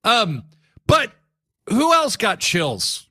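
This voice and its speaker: A male podcast host with a bright, forceful, slightly high voice. He retells the story eagerly and chats loosely with his co-hosts. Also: drawn-out words, slightly rough. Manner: animated, storytelling. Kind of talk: casual chat.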